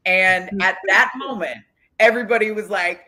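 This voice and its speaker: A woman guest on a podcast interview, telling animated stories and acting out the quotes with big jumps in pitch. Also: moderate pace. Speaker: guest, former football coach. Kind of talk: lively storytelling in a podcast interview.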